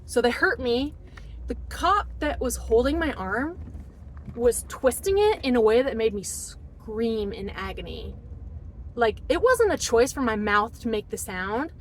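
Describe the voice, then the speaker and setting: A woman's voice: a little high, very animated, measured pace, slight background noise, low-quality recording. A woman telling a personal story in a rambling, emotional way, acting out what people said, recorded in a car. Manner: rambling, emotional, acts out quotes. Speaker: vlogger telling her story. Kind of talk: casual storytelling monologue.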